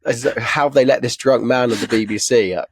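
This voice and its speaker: A young man co-hosting a casual football podcast, bantering fast and laughing. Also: medium pitch, fairly even intonation, husky, dry recording, studio quality. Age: young adult. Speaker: podcast co-host.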